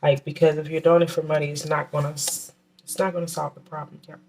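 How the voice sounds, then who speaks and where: A woman's voice: low voice, little pitch movement, a little mellow. Chatty woman reading tarot cards. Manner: chatty, halting, many restarts and fillers. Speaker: tarot reader.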